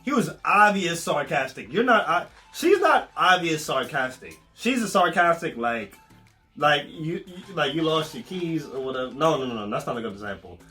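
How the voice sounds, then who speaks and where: A man talking casually with his partner for a relationship chat video, slangy and loose with curses. His voice is bright and bouncy, riding high in his range, with faint music behind him. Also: normal speed. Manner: loose slangy swearing, animated. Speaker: vlog co-host, boyfriend.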